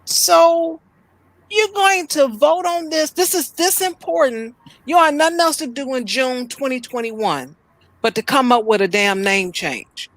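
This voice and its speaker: Slow, blunt woman ranting at news. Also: high voice, fairly bright tone, no room sound. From Chicago. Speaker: host. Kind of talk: news reaction commentary. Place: at home.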